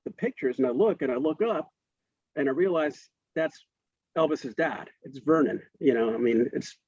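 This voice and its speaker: A man's voice: medium pitch, moderate pace, darkish tone, husky, dry recording, lo-fi sound. A man in his fifties, a guest in an interview, telling a casual story with frequent restarts and laughs. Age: 50s.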